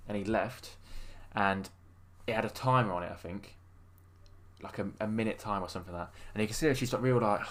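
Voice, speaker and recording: A man's voice: on the low side, fairly quick, a bit bright. A man co-hosting a podcast, telling long rambling stories in casual chat with many fillers. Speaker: podcast co-host.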